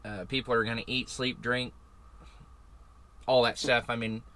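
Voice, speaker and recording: Bright-voiced rambling trucker man. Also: mid-range voice, flat delivery, a little slow. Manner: rambling, loose and chatty. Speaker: owner-operator truck driver. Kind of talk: casual vlog chat. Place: in and around a parked semi truck.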